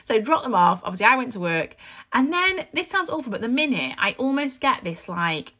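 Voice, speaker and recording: Bright-voiced chatty woman. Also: fairly high pitch, big pitch swings, normal speed. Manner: chatty, candid storytelling with frequent laughs. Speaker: podcast host. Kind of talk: casual podcast monologue.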